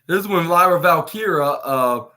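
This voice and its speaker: A man with a voice a little on the high side talks through a recap as a podcast host. He rambles casually, stumbles over names and keeps restarting his sentences before landing on the point. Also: animated, normal speed, bright, forceful tone. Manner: rambling, with frequent restarts and self-corrections. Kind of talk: casual recap of a wrestling show.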